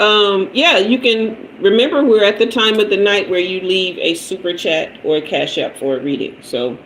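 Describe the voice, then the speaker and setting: A woman with a somewhat low voice hosts a live tarot stream, chatting easily with viewers and laughing often. She sprinkles endearments like "honey" through her talk, and a faint hum sits behind her. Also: poor audio. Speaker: tarot reader and livestream host. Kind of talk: casual livestream storytelling.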